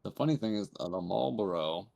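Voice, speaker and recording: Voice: deep voice, expressive, a little fast, vocal fry, mellow, slight background noise. A joking, easygoing gaming friend chatting casually. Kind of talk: casual chat.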